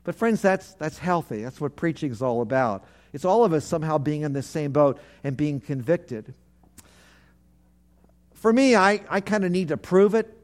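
A man's voice: a little high, animated, moderate pace, darkish tone. A man, a pastor, preaching a sermon, leading his congregation to repeat phrases back, with earnest, repetitive emphasis.

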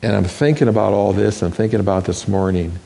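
A man preaching a sermon, moving from loud, rising questions to hushed, almost whispered words. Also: on the low side, fairly even intonation, fast, creaky. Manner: dramatic, with wide swings from loud to hushed. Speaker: pastor.

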